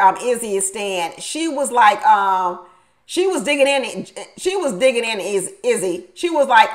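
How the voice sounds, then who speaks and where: A woman with a high voice recaps a reality show in a loose, chatty way. She is animated and emphatic, laughs a lot, and says her favorite lines two or three times over. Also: low-quality recording.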